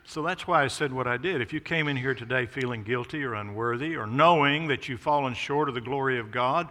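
A man preaching a sermon as pastor of a church, emphatic, swelling loud on key phrases and dropping low on others. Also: brisk, hardly any pauses, long reverb tail. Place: church sanctuary.

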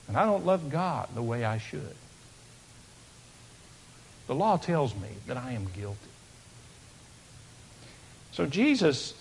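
Emphatic preacher, a man with a lightly raised pitch. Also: very animated, unhurried, long pauses, breathy edge. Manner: emphatic, swinging from loud declarations to hushed asides. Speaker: pastor. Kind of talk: preaching a sermon.

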